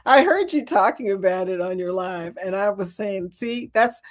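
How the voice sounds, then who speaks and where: A woman with a medium-pitched voice and lively intonation hosts a casual livestream at a moderate pace. Chatty and giggly, she reads out her viewers' comments and calls them y'all.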